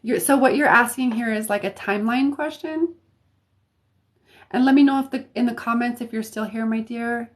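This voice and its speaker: An American woman with a fairly high voice, chatting with a livestream audience as a psychic reader. Her talk is casual and loose, with plenty of fillers and little restarts. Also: moderate pace. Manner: chatty, hesitant, many fillers.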